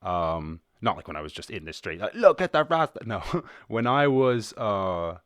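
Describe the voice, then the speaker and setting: Low-voiced rambling Irish man. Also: animated, unhurried, a bit bright, clear, resonant tone, dry recording, clean studio sound. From Ireland. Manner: rambling, loose and profane, restarts mid-sentence. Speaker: podcast host. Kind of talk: casual chat.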